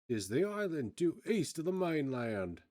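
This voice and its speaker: A man's voice: fairly high pitch, big pitch swings, measured pace, a little mellow, no room sound, clean studio sound, pitched above the performer's own voice. A man voicing a bitter old male sailor locked in a cell, grumbling in a put-on with archaic speech. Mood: sly.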